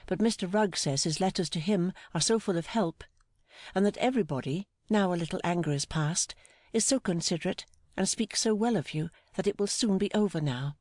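A woman reading the part of a gentle, timid young woman, speaking softly and hesitantly with deep affection. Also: fairly quick, dry recording, clean studio sound, lightly acted. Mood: tender. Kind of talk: audiobook dialogue reading.

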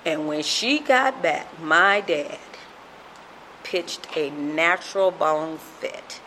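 A woman in her fifties from Compton giving an emotional, halting recovery testimony, often repeating herself. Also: sits low, sharp tone, slight background noise. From Compton, California. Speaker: speaker sharing at a recovery fellowship.

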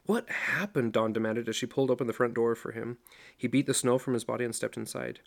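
A middle-aged man reading a novel aloud as narrator, in a steady storytelling voice. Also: medium pitch, fast talker, vocal fry. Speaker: audiobook narrator. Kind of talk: scripted narration.

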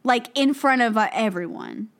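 A young woman co-hosting a podcast in casual chat, animated and giggly, acting out silly quotes. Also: on the high side, normal speed. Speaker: podcast co-host.

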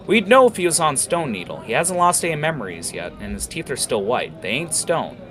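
A man's voice: on the high side, very animated, fairly quick, fairly bright tone, voice pushed up. A man voicing a blunt, scolding female lieutenant in armor. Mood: reprimanding. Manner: scolding, commanding.

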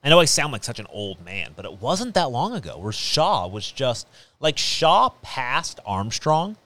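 A man's voice: medium pitch, big pitch swings, measured pace, sharp tone, no echo. A man hosting a podcast in a small studio, chatting casually and rambling with many fillers and restarts. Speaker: podcast host. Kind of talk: casual chat.

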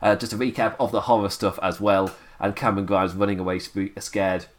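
A man's voice: on the low side, flat delivery, fairly quick. Chatty man, voice worn down. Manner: rambling, chuckling, many fillers and restarts. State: voice worn down, sipping tea. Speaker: wrestling podcast host. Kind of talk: casual solo recap chat.

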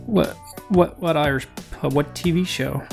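A man co-hosting a casual comedy podcast, trading deadpan jokes and plugging the show. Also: on the high side, unhurried, gravelly, soft background music. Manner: joking, deadpan self-promotion. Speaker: podcast co-host.

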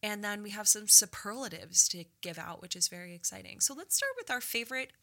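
A young woman co-hosts a podcast and steers the casual talk from one point to the next. Her voice is bright and clear at a middle pitch. She keeps a friendly back-and-forth going with her partner. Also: animated. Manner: friendly, leads the conversation, quick back-and-forth. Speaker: podcast co-host. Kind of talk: casual chat.

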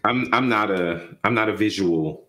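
A man in his forties, a YouTube host, telling stories in a casual chat and acting out quotes. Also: moderate pace. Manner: animated, acts out quotes with big pitch jumps. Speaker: guest, YouTube data channel host.

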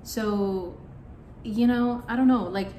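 A woman's voice: on the high side, slow pace, mellow. A young woman telling a personal story in a candid, rambling way, with plenty of fillers. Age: young adult. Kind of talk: casual storytime monologue. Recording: echoey room with faint background noise.

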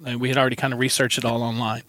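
A man's voice: mid-range voice, little pitch movement, very fast, a bit bright, dry recording. A man in casual conversation, telling a personal story in an earnest, folksy way, recorded in a parked van. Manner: earnest, folksy, laughs between lines. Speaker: guest.

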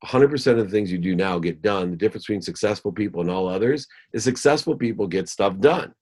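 Male guest, very low-pitched, motivational speaker who stacks phrases for emphasis. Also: animated, quick pace, darkish tone. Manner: emphatic, lists ideas in rhythmic phrases; acts out voices when telling a story. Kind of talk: motivational talk.

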